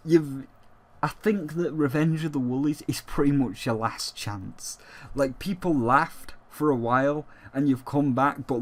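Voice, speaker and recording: A young man talks straight to his viewers in a casual gaming vlog. He sounds emphatic and heated, with his voice at a middling pitch, and he swears freely as he pushes his opinion. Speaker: gaming YouTuber.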